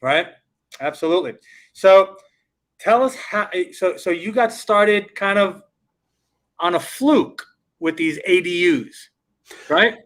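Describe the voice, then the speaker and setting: A man's voice: sits high, expressive, takes it slowly, long pauses, a bit bright. A man from Israel hosting a podcast, enthusiastic and often repeating and restarting his words. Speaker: podcast host. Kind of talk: casual interview chat.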